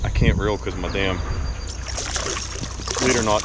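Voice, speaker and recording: A man vlogging while fishing from a boat on a river, talking excitedly to himself and the fish. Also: lowish voice, a little slow, pauses often, heavy background noise. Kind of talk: casual narration while fishing.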